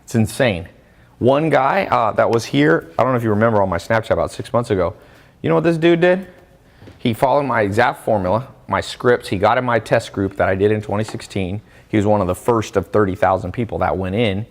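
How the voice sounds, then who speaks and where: A man giving a casual, energetic motivational talk about earning money, with sudden rises in pitch on key points and quoted people acted out. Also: fairly quick. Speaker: online business coach. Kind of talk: motivational monologue.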